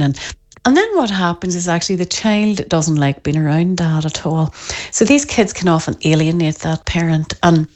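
Lady, parenting expert on a podcast, lowish voice, animated, does the parents' voices. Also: normal speed. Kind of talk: podcast interview.

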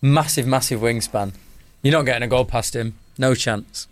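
A man's voice: medium pitch, normal speed. A man from England co-hosting a casual football podcast, ranting animatedly and repeating himself for emphasis. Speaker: podcast co-host. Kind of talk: casual banter.

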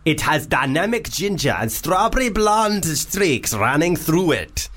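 A man reading out a listener's email in a put-on mock Arabic accent, voicing a bearded young man asking for advice in a slow, sing-song way. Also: fairly high pitch, big pitch swings, a bit bright, pitched above the performer's own voice, heavily acted. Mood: earnest pleading. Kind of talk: comic email reading on radio.

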